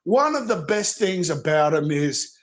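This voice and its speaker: A man's voice: sits high, big pitch swings, a little slow. A man with an Australian accent, a guest in a casual panel chat, rambling and laughing often.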